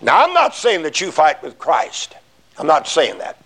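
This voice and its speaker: A man preaching a sermon in a folksy way, swinging from low, quiet asides to loud shouted emphasis. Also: huge pitch swings, normal speed. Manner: folksy, rises to shouting emphasis, acts out little dialogues.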